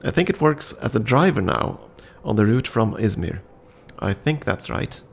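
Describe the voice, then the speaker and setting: A man reading out a gruff, grumbling woman mechanic in a story game, with brusque, impatient retorts. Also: fairly low pitch, very animated, normal speed, slight background noise. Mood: chatty.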